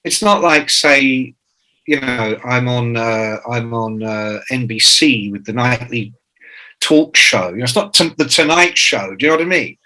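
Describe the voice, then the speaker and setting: A man's voice: mid-range voice, unhurried, sharp tone, low-quality recording. A man in his sixties, a guest author telling profane, jokey anecdotes and acting out the quotes. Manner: profane, jokey storyteller who acts out quotes. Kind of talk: anecdotal interview talk.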